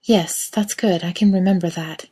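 A woman voicing a soft, hesitant younger woman. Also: fairly low pitch, steady tone, normal speed, husky. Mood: earnest. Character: tentative, earnest younger woman, soft and eager.

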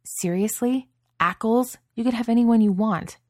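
A woman's voice: lowish voice, a little fast, warm tone, no echo, studio quality, lightly acted. A woman voicing an agitated, blunt young man in a storybook reading, speaking up in a raised, exasperated voice.

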